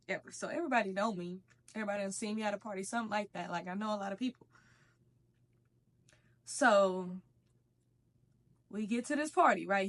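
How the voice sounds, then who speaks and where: A woman's voice: mid-range voice, a bit bright. A young woman telling a casual storytime while eating, in a slangy, profane, conversational way. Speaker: vlogger.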